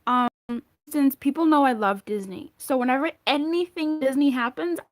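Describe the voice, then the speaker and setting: A woman's voice: sits high, normal speed. Chatty rambling woman tarot reader. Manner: chatty, rambling, with frequent tangents and restarts. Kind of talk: casual monthly tarot guidance vlog.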